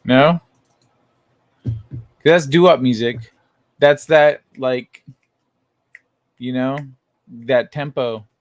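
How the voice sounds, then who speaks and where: A young man with a middling voice co-hosts a relaxed chat, explaining things in a laid-back, joking way. His voice sounds dry and close. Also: mid-range voice, extremely slow, pauses often, dry recording. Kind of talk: casual chat.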